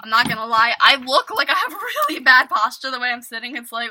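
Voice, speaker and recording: Bright-voiced young woman rambling a storytime. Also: a little high, lively intonation, a little fast, hardly any pauses. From New York state. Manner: rambling, heavy "like" fillers, mock-dramatic. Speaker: vlogger. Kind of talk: casual storytime vlog.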